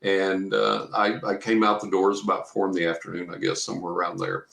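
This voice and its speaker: A man's voice: deep voice, little pitch movement, a little fast, creaky, fairly bright tone. A man from Texas, a guest in an interview, rambling through a personal story and acting out what people said. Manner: rambling storyteller, acts out quotes. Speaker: guest, professional psychic reader. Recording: roomy echo.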